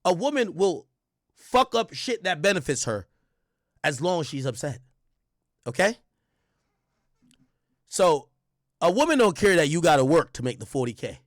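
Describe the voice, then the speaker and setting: A man's voice: on the high side, very animated, moderate pace, pauses often, dry recording, studio quality. A young man streaming commentary, reading documents aloud and reacting bluntly with lots of profanity.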